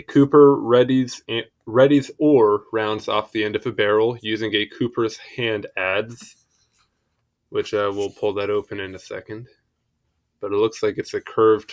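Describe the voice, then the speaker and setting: Young man, lowish voice, informal read-aloud, self-deprecating asides, fumbles pronunciations. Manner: stumbles over foreign words, apologetic asides. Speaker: reader of encyclopedia articles. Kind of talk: casual reading aloud with asides.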